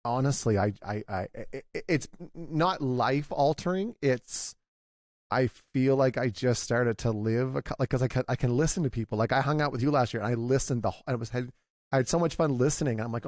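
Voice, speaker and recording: A man in his forties, talking in a halting, confessional way, with many restarts, as a guest in a candid conversation. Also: medium pitch, darkish tone, no echo, clean studio sound. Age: 40s.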